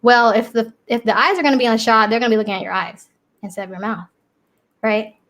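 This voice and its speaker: A woman's voice: fairly high pitch, steady tone, fast talker, fairly bright tone. A woman guest on a casual talk show, explaining things plainly with many hesitant ums. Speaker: guest, ASMR creator. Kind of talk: casual interview chat.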